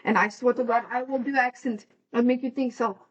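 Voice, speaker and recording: A woman's voice: on the high side, steady tone, fairly quick, lo-fi sound. Chatty, swearing woman on a podcast. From United States. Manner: chatty, swears freely, reads figures out. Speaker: podcast co-host. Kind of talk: casual chat, reading facts aloud.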